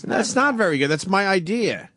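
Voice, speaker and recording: A man's voice: high-pitched, normal speed, no echo. A man hosting a talk radio show, chatting bluntly and with lots of swearing. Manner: blunt and profane, lively. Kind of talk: casual talk radio banter.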